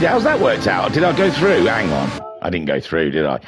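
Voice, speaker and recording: Man, middle-aged stream host, low voice that jumps all over, chatty and self-mocking. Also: wildly swooping pitch, moderate pace, music in the background. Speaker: league race stream host. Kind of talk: casual live-stream race commentary.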